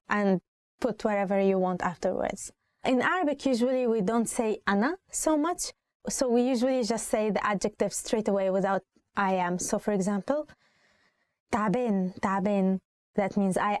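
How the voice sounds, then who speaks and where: A woman's voice: mid-range voice, a little mellow, dry recording. A woman with an Egyptian accent teaching spoken Arabic, saying each phrase twice and then explaining it in English. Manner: repeats phrases slowly, then translates. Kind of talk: language lesson.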